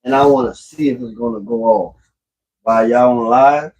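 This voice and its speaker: A man's voice: medium pitch, fairly even intonation, normal speed, a little mellow, rough recording. A man chatting casually on a home livestream, talking to viewers from the background. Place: home indoors.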